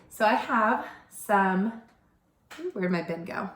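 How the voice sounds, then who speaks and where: A woman teaching a pre-K phonics lesson, gently sounding out letters and words with exaggerated repetition. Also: medium pitch, lively intonation, slow, echoey room. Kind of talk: slow early-childhood phonics lesson.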